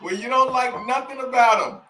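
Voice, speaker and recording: Laughing high-voiced man. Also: steady tone, fairly quick, sharp tone, echoey room, a little hiss or hum. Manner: laughs often, repeats lines, addresses "y'all". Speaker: host reacting to old game footage. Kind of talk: casual chat.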